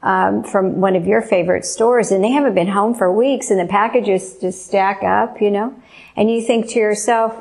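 A woman preaching a testimony sermon in an earnest, slow and emphatic way. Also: mid-range voice, fairly even intonation, vocal fry, a little mellow.

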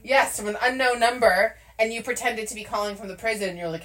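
A young woman telling a story in casual chat, animated and laughing as she acts out quotes. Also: fairly high pitch, fast.

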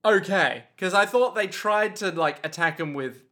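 A man co-hosting a podcast in casual chat, talking about an episode with wry, animated jokes. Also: high voice, normal speed. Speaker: podcast co-host.

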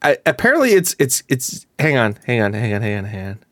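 A man co-hosting a stream in casual banter, stumbling and restarting his sentences often. His voice sits at an ordinary middle pitch. It is close-miked and dry, with no room sound around it. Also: very animated, a little fast, no echo. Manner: rambling, stumbles over words. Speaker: co-host of a live-streamed podcast.

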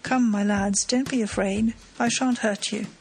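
A woman reading the part of a cool, mocking gentleman thief, teasing and self-assured, in her own voice. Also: medium pitch, steady tone, a little slow, soft background music, close to an everyday voice.

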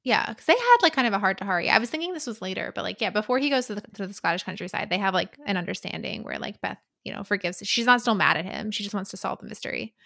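Young woman chatting about a book, bright sharp voice, dry sound. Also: medium pitch, expressive, fast talker, vocal fry, few pauses, no echo. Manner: chatty, tries out character voices and accents. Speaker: podcast co-host. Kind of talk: casual book chat.

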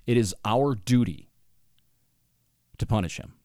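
A man's voice: mid-range voice, animated, a little slow, dark tone, no room sound, studio quality. A man delivering an opinionated monologue, reading passages aloud from a book and breaking in with sarcastic asides and laughs.

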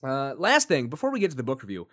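A man co-hosting a casual podcast, his voice swinging widely up and down as he jokes and chats. He sits at a mid pitch and often stops to think aloud with fillers. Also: huge pitch swings, quick pace, a bit bright. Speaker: podcast co-host.

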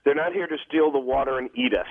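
A man's voice: medium pitch, fast talker. A man, a TV critic, talking by phone while losing his voice, rambling and hesitant. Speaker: TV critic guest. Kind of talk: phone interview. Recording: tinny phone line.

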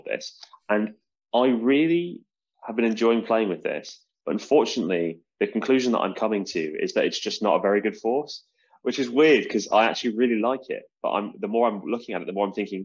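A British podcast host chats casually about magic, rambling and poking fun at himself. His voice is on the low side, husky, expressive, and brisk, and the recording has a dull lo-fi sound.

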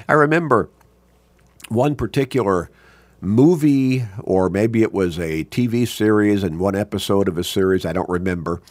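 Older guy preaching, low gravelly voice, goes up and down a lot, dry close sound. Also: dry recording. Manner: slow, deliberate teaching with repeated emphasis. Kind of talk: sermon.

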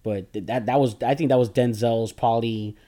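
A man of middle pitch talks through films in a loose, joking chat. He rambles and circles back over his own words as he goes. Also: fairly even intonation, fairly quick, mellow. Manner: rambling and joking, often repeats himself. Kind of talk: casual movie chat.

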